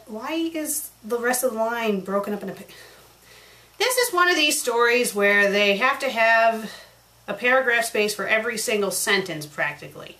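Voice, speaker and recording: A woman's voice: on the high side, expressive, moderate pace, bright, forceful tone, low-quality recording. Casting: sarcastic female critic, exasperated, comic review reading. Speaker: fanfiction critic. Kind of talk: comedic review reading aloud.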